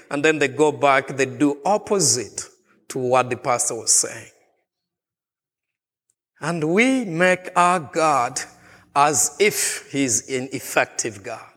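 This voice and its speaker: A man's voice: a little high, a little slow, bright, forceful tone, big-room sound. A man preaching a sermon as a pastor, asking the congregation question after question. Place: church.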